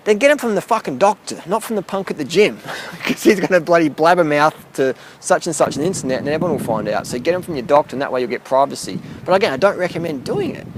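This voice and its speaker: A man's voice: on the high side, slight background noise. An Australian man from South Australia, a fitness vlogger ranting bluntly to camera with lots of swearing and rambling asides. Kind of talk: casual rant to camera. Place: outdoors near a boat, urban.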